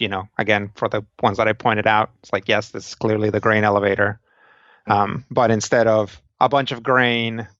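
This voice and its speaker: Slow, low-voiced man as game master. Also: fairly bright tone, no echo, lo-fi sound. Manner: loose, meandering scene description. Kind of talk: narrating a tabletop game.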